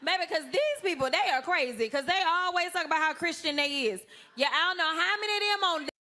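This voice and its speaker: Chatty sassy woman, really high voice, bright and sharp. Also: animated, brisk. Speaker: politician. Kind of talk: casual speech clip.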